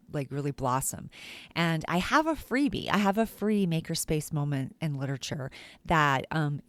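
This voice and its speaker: A middle-aged woman with a low voice hosts a casual podcast, telling school stories in an animated, chatty way. She leans on "like" and acts out the quotes. The recording is close and dry. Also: no room sound. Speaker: teacher and podcast host.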